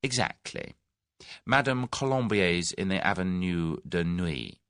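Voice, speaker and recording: A suave, scheming businessman in middle age coaxes in measured tones, played by a male audiobook narrator. His low, gravelly voice moves through lively rises and falls, and the recording is close and dry. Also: no echo, heavily acted. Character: smooth, scheming middle-aged businessman, genial then menacing.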